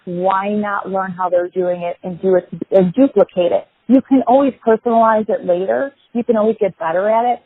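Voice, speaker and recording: A woman's voice: mid-range voice, steady tone, moderate pace, few pauses, no room sound. A woman guest in an interview, talking in a practical, encouraging way and often adding "right?". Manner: practical and encouraging, tag questions. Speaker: guest, home builder. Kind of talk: conversational interview. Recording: dry phone-like lo-fi line.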